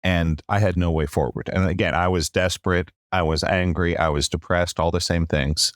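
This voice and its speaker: A middle-aged man with a low, deep voice tells his story as a podcast guest. He acts out his quoted rants and keeps coming back to "long story short". The recording is close and dry. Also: fairly even intonation, moderate pace, no echo.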